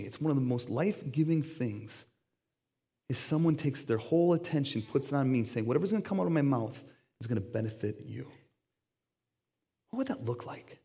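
A middle-aged man preaching a sermon in a conversational, animated way, acting out the voices he quotes. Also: fairly high pitch. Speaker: pastor.

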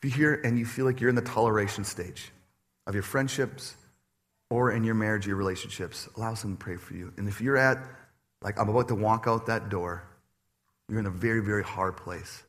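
A man preaching a sermon to his congregation, animated and personal, acting out quoted voices with laughter. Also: fairly low pitch, a little fast. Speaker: pastor. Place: church stage before a congregation.

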